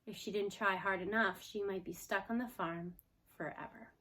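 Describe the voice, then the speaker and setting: A woman reading a children's novel aloud expressively, slowing for chapter titles. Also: medium pitch, steady tone, pushed and bright. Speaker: storyteller.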